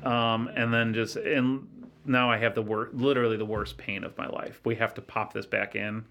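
Guy on a podcast telling his story, kinda halting, restarts a lot, bright clear voice, mid pitch. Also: flat delivery. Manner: halting, restarts often, earnest. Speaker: podcast guest. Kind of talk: casual storytelling.

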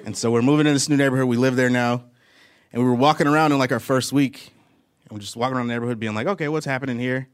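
A man's voice: mid-range voice, fairly even intonation, rapid-fire, clear, resonant tone. A man doing a stand-up comedy set on a live stage, telling rambling stories and often laughing at his own jokes.

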